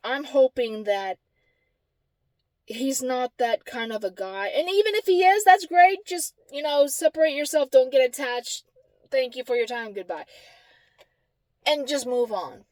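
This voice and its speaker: High-voiced woman ranting bluntly. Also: measured pace, pauses often, darkish tone, dry recording. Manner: blunt, profane, exasperated ranting. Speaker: vlogger. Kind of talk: casual storytelling vlog.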